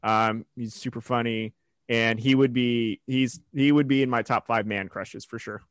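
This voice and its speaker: A man's voice: medium pitch, fairly even intonation, normal speed, no echo, studio quality. A man chatting casually on a podcast, telling rambling stories with lots of fillers. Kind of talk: casual chat.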